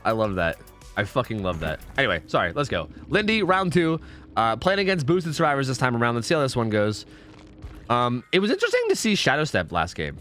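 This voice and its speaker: A man's voice: mid-range voice, wildly swooping pitch, brisk, fairly bright tone, faint music behind. A young man streaming a game, talking casually and rambling with his viewers, swearing freely.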